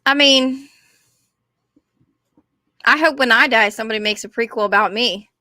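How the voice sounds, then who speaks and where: A young woman with a drawl rambles through a casual rant, often apologizing and putting herself down. Her voice is high and bright. The sound is dry and close. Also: moderate pace, dry recording. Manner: rambling, apologetic, self-deprecating. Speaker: vlogger.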